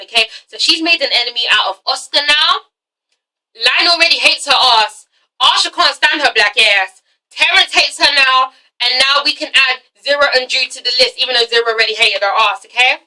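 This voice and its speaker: A woman with a bright, sharp, high voice recaps a TV episode in a casual, emphatic way, swearing freely. Her voice sits a little back from the microphone. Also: distant mic, low-quality recording. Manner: profane, emphatic, re-enacts dialogue. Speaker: TV episode reviewer.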